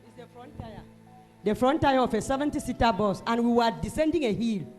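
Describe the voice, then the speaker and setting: A woman from Cameroon, giving an emotional church testimony and breaking into loud shouted praise. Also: fairly high pitch, fairly quick, soft background music. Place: church service.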